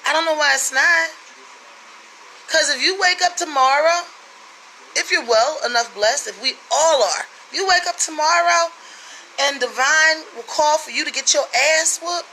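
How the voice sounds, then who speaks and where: A woman's voice: high voice, unhurried, bright, forceful tone, a little hiss or hum, low-quality recording. A woman from the United States giving blunt, profane relationship advice in a casual monologue.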